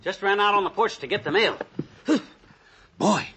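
An actor playing a blustery, folksy husband in 1940s radio comedy, brash and wisecracking. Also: male voice, high voice, a little slow, pushed and bright, husky, exaggerated voice. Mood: grumbling. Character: blustery, stubborn, folksy middle-aged husband. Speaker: comic lead in a radio sitcom.

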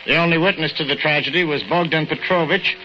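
A man's voice: fairly high pitch, fast talker, natural voice. An actor playing a male news announcer reading a report in a clipped delivery, on a muffled, noisy old radio recording. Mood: brisk.

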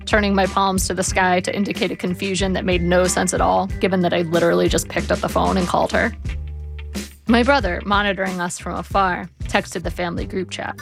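Gravelly woman reading her memoir. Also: fairly low pitch, level tone, fairly quick, soft background music. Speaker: memoir narrator. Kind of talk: audiobook memoir narration.

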